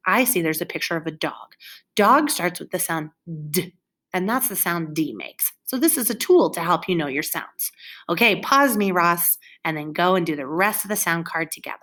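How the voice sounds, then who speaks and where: A woman's voice: lowish voice, fairly bright tone. A woman teaching young children in a recorded lesson, with an encouraging, exaggerated teacher voice.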